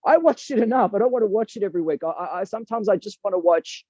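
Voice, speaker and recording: A man talks earnestly and reflectively in an interview, leaning into his points with emphasis. His voice sits fairly high but sounds warm and mellow. The recording is dry and dull, with a lo-fi edge. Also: animated, rapid-fire, no room sound. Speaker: boxing coach and guest.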